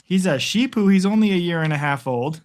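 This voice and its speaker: A man's voice: high-pitched, animated, a little fast. A man chatting at home with viewers and calling the plays of a game live into a propped-up phone. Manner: chatty, rambling, talks to viewers. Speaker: streamer giving live play-by-play. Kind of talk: casual live play-by-play and chat. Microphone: phone propped on a picture frame.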